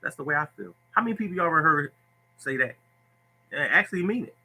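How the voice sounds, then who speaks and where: A man's voice: fairly high pitch, expressive, fast talker, pushed and bright, slightly rough, poor audio. A man hosting a lottery tips livestream who speaks bluntly and preachily, repeating himself as he answers viewers.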